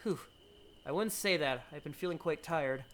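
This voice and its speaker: A man's voice: a little high, normal speed, fairly bright tone, slight background noise, lightly acted. A man reading a visual novel aloud, voicing a humble young male laborer who sounds easygoing. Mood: modest.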